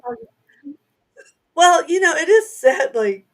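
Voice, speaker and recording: A woman's voice: very high voice, big pitch swings, slow pace. A middle-aged woman with a Southern accent, co-hosting a casual chat and laughing often. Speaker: author and co-host.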